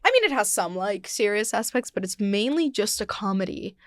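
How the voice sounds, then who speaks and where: A woman's voice: medium pitch, animated, normal speed, no room sound. A young woman co-hosting a casual podcast chat, talking with lots of fillers while recovering from bronchitis with a slight cough. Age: young adult. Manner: chatty, frequent fillers and laughs. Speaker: podcast co-host.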